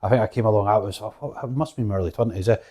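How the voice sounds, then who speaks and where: A man's voice: fairly low pitch, rapid-fire, dark tone. A man in his thirties hosting a casual chat, rambling with many restarts and laughing easily. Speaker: podcast host.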